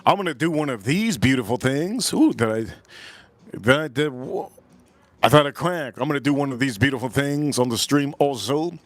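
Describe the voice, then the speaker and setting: A man's voice: medium pitch, lively intonation, moderate pace, no echo. A man hosting a casual food livestream outdoors in the cold, crude and rowdy, repeating himself and calling out to the chat. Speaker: livestream host.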